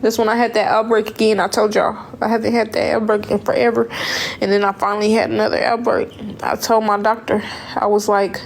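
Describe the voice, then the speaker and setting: A woman's voice: medium pitch, level tone, brisk, vocal fry. A young woman, talking casually and emotionally in a storytime vlog, rambling and repeating her words. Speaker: vlogger.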